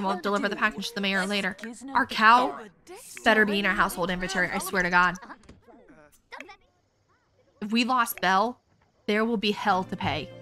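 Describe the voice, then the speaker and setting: A woman gives casual let's-play commentary in a bright, forceful voice, chatty and quick to get worked up as she narrates her own moves. Faint music plays under her talk. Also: medium pitch. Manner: chatty and excitable, thinks aloud to viewers. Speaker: gaming video host.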